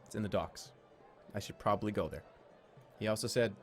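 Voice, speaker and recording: A man's voice: on the low side, brisk, soft background music. A young man streaming a text adventure game, chatting casually and joking at his own expense. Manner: casual, self-mocking, laughs at his own voices.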